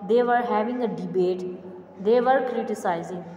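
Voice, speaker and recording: Woman teacher, measured and repetitive, recorded in a roomy, echoing space. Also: mid-range voice, dark tone, dull audio. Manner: slow, deliberate, repeats answers word by word. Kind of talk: online revision lesson. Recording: echoey room, faint background hum.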